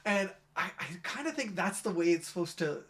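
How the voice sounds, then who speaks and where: A man hosting a relaxed conversation with a fellow pastor. He keeps things friendly and chatty, nodding along and laughing easily. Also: high-pitched. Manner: affirming, chatty, quick to laugh. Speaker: interviewer and youth ministry pastor. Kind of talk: casual interview conversation.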